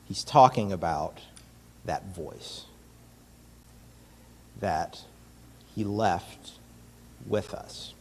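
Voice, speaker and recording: Low husky guy doing a slow communion talk and prayer, lots of pauses, echoey church hall. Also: slight background noise. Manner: reflective, with many pauses and fillers. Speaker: communion meditation leader. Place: church sanctuary. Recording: long hall reverb from a distance.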